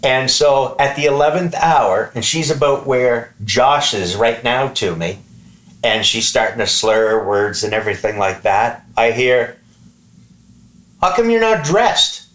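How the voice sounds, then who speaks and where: A medium-pitched man from Canada's East Coast tells a comic story among friends at a measured pace. He swears freely and acts out the lines of the people involved, animated throughout, in a room with noticeable echo.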